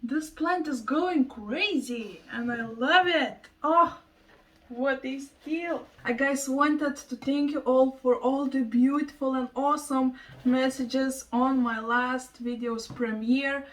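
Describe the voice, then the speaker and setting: Gushing woman, high voice. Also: takes it slowly, distant mic, rough recording. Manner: gushing, excitable, breaks into laughs. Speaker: plant vlogger. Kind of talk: casual vlog chat. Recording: voice a bit off-mic.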